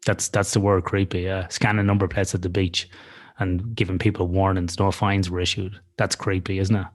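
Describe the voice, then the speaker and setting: A man's voice: low-pitched, level tone, moderate pace. A man telling a story in casual podcast chat, swearing freely and talking animatedly. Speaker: podcast co-host.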